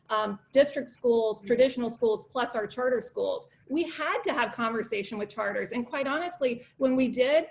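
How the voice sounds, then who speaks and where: Confident, fairly high-voiced middle-aged woman. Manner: confident, assured, measured. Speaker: school board candidate, former educator. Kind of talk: candidate forum answer.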